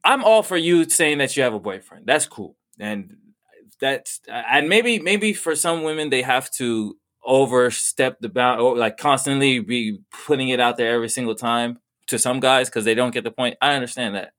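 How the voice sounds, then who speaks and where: A man's voice: medium pitch, moderate pace, fairly bright tone. A young man in casual podcast chat, blunt and opinionated with crude humor.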